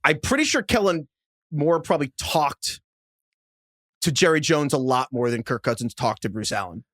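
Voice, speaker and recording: A man co-hosting a sports podcast, ranting in an animated, exasperated way with quick restarts. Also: a little high, no echo, clean studio sound. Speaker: podcast co-host. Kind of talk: casual sports chat.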